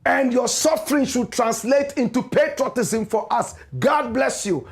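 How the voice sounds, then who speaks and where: High-voiced, impassioned Ghanaian man preaching. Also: a little slow. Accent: Ghanaian English. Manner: impassioned, preachy, repetitive rhetorical cadence. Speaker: radio and online show host. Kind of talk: political commentary monologue.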